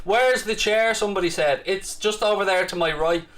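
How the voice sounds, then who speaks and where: Irish guy on a live stream, bright sharp voice, joking around and roasting his chat. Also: high voice, moderate pace. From Ireland. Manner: cocky, teasing banter with mock bravado. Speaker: livestream host. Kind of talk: casual live chat reading viewer comments.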